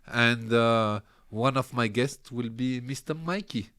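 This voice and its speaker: A man's voice: mid-range voice, slow pace, smooth. A man, a podcast guest telling stories casually and animatedly, laughing often. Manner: animated, laughs often, drops into character voices. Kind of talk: casual storytelling.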